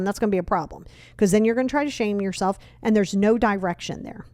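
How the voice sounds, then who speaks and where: Young woman podcast host, blunt and frank, bit higher voice, dry close sound. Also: no echo. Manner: blunt, emphatic, frank with mild cursing. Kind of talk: motivational self-help talk.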